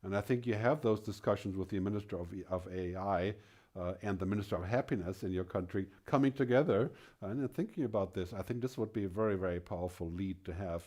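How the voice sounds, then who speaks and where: A man's voice: low voice, darkish tone. A middle-aged man giving a conference keynote, emphatic and fond of rhetorical questions. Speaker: keynote speaker.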